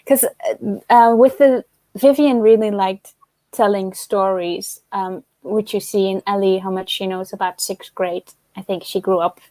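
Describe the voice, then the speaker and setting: A woman's voice: medium pitch, steady tone, unhurried, warm tone, no room sound. A woman hosting a casual online book club discussion, chatty and giggly, often trailing off with fillers. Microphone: video call.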